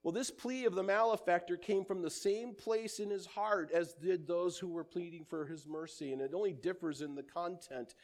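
A man preaching a sermon, earnest and measured, who quotes scripture in older English and lets his voice sink at the ends of phrases. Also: high voice, darkish tone.

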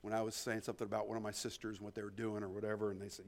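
A man preaching an expository sermon, emphatic, swinging between hushed asides and loud stresses, often repeating words as he thinks. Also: fairly low pitch, level tone, rapid-fire, vocal fry. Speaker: pastor.

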